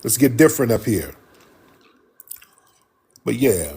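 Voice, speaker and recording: A man's voice: medium pitch, sing-song, normal speed, pauses often, warm tone, breathy edge. A man hosting a live stream, talking emphatically and repeating his points for effect. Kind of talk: heated livestream commentary.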